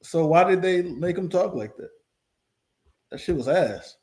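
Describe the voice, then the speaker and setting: A man's voice: high voice, animated, unhurried, a little mellow, a little hiss or hum. A man hosting a reaction video, talking bluntly and casually with plenty of profanity. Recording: roomy echo.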